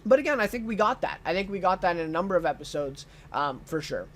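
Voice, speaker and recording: High-voiced man, enthusiastic unscripted reviewer. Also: very animated, fast talker. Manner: enthusiastic, many ums and uhs. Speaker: TV show reviewer.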